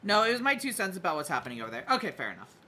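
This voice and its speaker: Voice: medium pitch, sing-song, very fast, sharp tone, a little hiss or hum. A streamer chatting casually while playing a game, hesitant with many fillers and restarts, sometimes humming tunes. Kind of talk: casual gaming stream chat.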